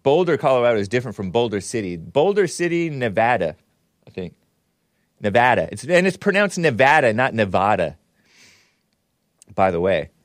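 A man hosting his own show, speaking in a steady mid-range voice with a sarcastic edge. He rambles and corrects himself as he goes, tossing in side remarks. His voice is close and dry, with no room sound around it. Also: medium pitch, quick pace, few pauses, no echo. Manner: rambling, sarcastic, with frequent self-corrections and asides. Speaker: show host. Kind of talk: casual live-stream political commentary.

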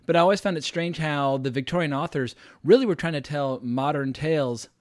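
A man's voice: on the high side, brisk, no echo, studio quality. A man hosting a podcast, talking in a chatty, enthusiastic way with loose fillers. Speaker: podcast host. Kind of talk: casual podcast conversation.

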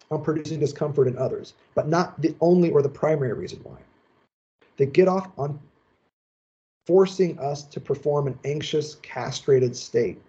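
Man, seminar lecturer, somewhat high voice, mellow tone, measured and emphatic, dull lo-fi recording. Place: lecture session.

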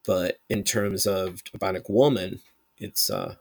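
A man's voice: low-pitched, sing-song, slow, gravelly, slightly rough, dry recording. A man casually reviewing an old sci-fi episode as a channel host, rambling with lots of fillers and restarts while enthusiastically recommending it.

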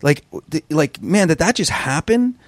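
A man from Long Island, a podcast guest and musician, telling road stories in a casual interview, animated and swearing freely. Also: a little high, moderate pace, no room sound. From Long Island, New York. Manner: animated storyteller, swears freely, acts out quotes.

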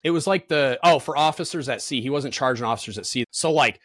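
A podcast guest in his thirties tells work stories in casual chat, blunt and profane, with plenty of fillers. He speaks fast in a medium-pitched, slightly bright voice, and there's no echo.

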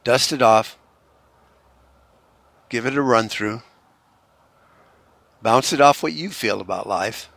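A man's voice: medium pitch, takes it slowly, gravelly, pauses often, a bit bright, no echo. A middle-aged man hosting a podcast, chatting casually and cursing freely as he drives through a small town. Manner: profane, easygoing, drifting into a joking Australian put-on. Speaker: podcast host. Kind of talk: casual rambling monologue while driving through a town.

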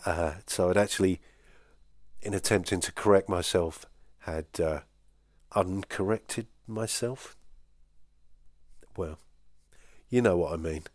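A man's voice: low voice, takes it slowly, long pauses, darkish tone, no room sound. A man hosting a podcast, chatting casually and hesitantly as he answers listener voice messages, poking fun at himself. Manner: hesitant and self-deprecating, with many fillers. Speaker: podcast host.

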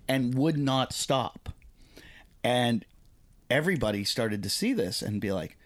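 A man's voice: medium pitch, expressive, a little slow, pauses often. A man, a comedian, telling a casual story on a podcast, acting out quoted voices and swearing freely.

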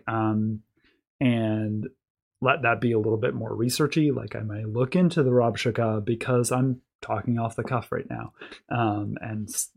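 A man's voice: mid-range voice, gravelly. A man hosting a faith podcast with his wife, talking in an easy, casual way with frequent fillers. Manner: relaxed, many fillers and restarts. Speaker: podcast host and pastor. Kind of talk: casual chat.

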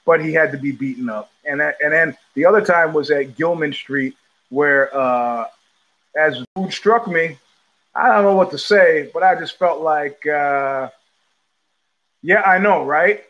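A middle-aged man hosting his own live show from home, talking in loose digressions with frequent restarts, blunt profanity and quick laughs. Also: fairly high pitch, fairly bright tone, lo-fi sound. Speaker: podcast host. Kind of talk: rambling live-stream monologue.

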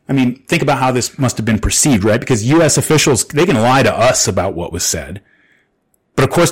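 A man's voice: medium pitch, breathy edge, low-quality recording. A man hosting a solo podcast, earnest and a bit agitated, reading long quotations aloud over a makeshift recording setup away from home. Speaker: podcast host. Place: away from home, not his usual studio. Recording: makeshift setup, imperfect audio.

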